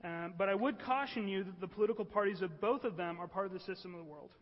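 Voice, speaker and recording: A man's voice: high voice, quick pace. A man preaching a sermon in an earnest way, often checking with the room by asking "right?". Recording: echoey hall, dull lo-fi sound.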